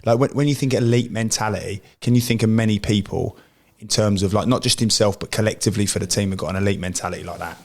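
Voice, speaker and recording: A man and former footballer in casual chat, earnest and quick to agree. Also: on the low side, fairly even intonation. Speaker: ex-footballer, co-host.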